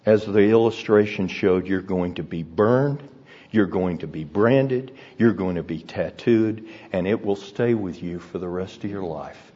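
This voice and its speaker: A man preaching a sermon, telling stories earnestly and deliberately and dropping to hushed, grave tones. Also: low voice, husky. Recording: dull recording in a reverberant hall.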